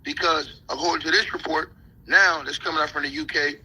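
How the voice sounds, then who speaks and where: A man's voice: on the high side, fairly even intonation, a little fast, sharp tone, husky, low-quality recording. A man on a live stream reading news reports aloud and riffing on them in slang. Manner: reads reports aloud then riffs in slang.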